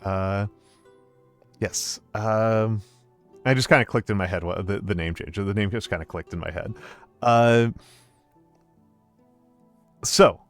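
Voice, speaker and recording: A man's voice: lowish voice, slow pace, pauses often, dry recording, faint music behind. A man streaming a game and chatting with his viewers, with many ums and uhs and frequent restarts. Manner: hesitant, filler-heavy, warm greetings to chat. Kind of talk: casual stream chat.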